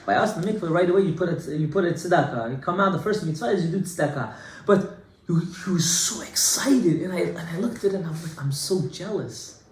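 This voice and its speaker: A man giving an informal Torah class as a rabbi, animated and conversational, with Hebrew terms mixed in. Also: high-pitched, fast talker. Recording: echoey room with faint noise.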